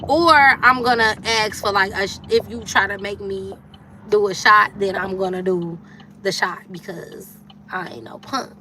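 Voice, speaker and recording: A woman's voice: steady tone, a little slow, pushed and bright, a little hiss or hum. Chatty woman in her thirties. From Detroit, USA. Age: 30s. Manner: candid and chatty, acting out quotes with sudden jumps up in pitch. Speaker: livestream host. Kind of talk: casual storytelling chat.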